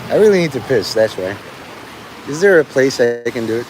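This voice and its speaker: A middle-aged man talks on and on outdoors in the rain, crude and profane, in a voice of ordinary pitch. His rambling monologue jumps from topic to topic. Faint street and traffic noise runs under him. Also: very animated, fairly quick. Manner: rambling, crude, swears loudly at the sky.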